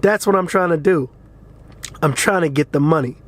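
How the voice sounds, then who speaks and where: A man's voice: on the high side, normal speed. A man ranting casually to camera as a crypto vlogger, frustrated and blunt, swearing freely and urging his viewers again and again.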